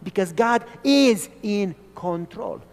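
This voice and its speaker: Animated preacher in a reverberant hall. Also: male voice, sits high, slow pace. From Romania. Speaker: pastor. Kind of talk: sermon.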